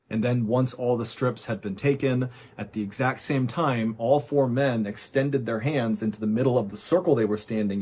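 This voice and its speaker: A man narrating a dramatic true story in a measured, suspenseful way, in short phrases with pauses. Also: medium pitch, breathy edge.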